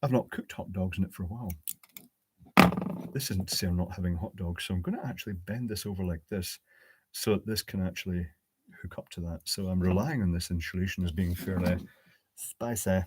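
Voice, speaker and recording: A man building a high-voltage circuit live at his workbench, thinking aloud, answering viewers' chat and dropping dry jokes. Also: fairly quick, a little mellow, husky. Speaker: electronics hobbyist host. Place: home electronics workbench.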